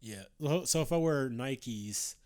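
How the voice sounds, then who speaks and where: A man co-hosting a casual podcast chat, dropping dry, quick wisecracks. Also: medium pitch, a little mellow, smooth. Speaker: podcast co-host.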